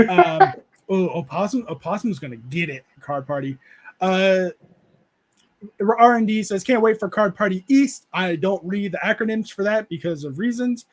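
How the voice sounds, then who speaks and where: A man's voice: high-pitched, normal speed. A man hosting a casual livestream chat, reading viewer comments aloud and rambling through stories with frequent laughs and fillers. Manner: rambling storyteller, laughs often, many fillers. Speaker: show host reading chat.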